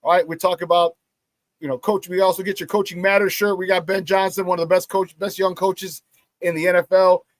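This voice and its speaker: Animated man hosting sports talk. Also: high-pitched, fairly quick, no room sound. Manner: animated storyteller, acts out quotes. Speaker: sports talk show host. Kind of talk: casual sports talk with plugs.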